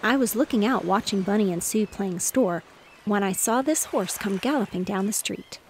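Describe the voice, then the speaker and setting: A woman reading aloud, voicing a caring mother who speaks in a gentle, concerned way. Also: mid-range voice, normal speed, a little hiss or hum, lightly acted. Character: caring mother of two young children.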